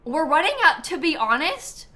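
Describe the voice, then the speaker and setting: A woman's voice: high voice, big pitch swings, moderate pace, sharp tone. A woman hosting a casual live stream, chatty and giggly, full of ums and likes as she thanks viewers by name. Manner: reads out viewer names and thanks. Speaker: livestream host.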